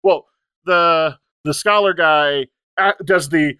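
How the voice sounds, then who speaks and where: A man with a slightly raised speaking pitch talks through a tabletop game recap as a podcast co-host. He rambles into chatty asides and keeps quoting what the other players said. The recording is close and dry. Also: slow pace, bright, forceful tone, clear, resonant tone, dry recording.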